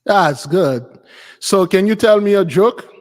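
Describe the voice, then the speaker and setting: A man hosting his channel, talking casually and haltingly with many fillers. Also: sits high, lively intonation, long reverb tail. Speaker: channel host. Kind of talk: casual talk with an AI.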